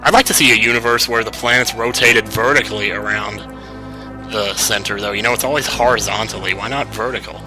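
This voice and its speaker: A man's voice: lowish voice, a little fast, over music, poor audio. A young man giving casual, joking, rambling commentary while playing a video game. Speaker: let's play commentator.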